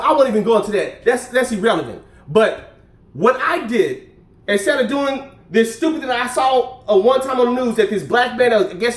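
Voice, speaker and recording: A man telling a personal story in casual vlog style, emphatic and animated, often asking "guess what". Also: extremely high pitch, roomy sound. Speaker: vlogger.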